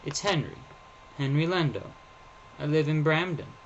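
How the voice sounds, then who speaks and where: A man voicing a timid young boy who pleads and clings, in a high child's voice. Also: expressive, moderate pace, lo-fi sound, a little hiss or hum.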